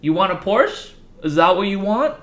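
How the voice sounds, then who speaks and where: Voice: mid-range voice, big pitch swings, normal speed, echoey room, background noise, pitched above the performer's own voice, lightly acted. A narrator putting on a gloating, mocking dad. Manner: taunting, gloating. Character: mocking sitcom dad laughing at his son.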